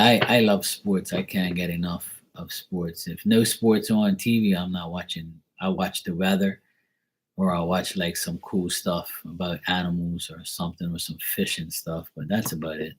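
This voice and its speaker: A man's voice: deep voice, slightly rough. A man from Bermuda chatting casually on a live stream, rambling and joking as he tells stories. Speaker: live tarot reader chatting with viewers.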